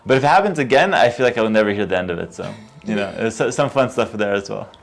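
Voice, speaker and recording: A man answering interview questions at a gaming tournament, relaxed and self-assured, with many fillers. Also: lowish voice, fast, creaky. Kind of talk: post-match interview.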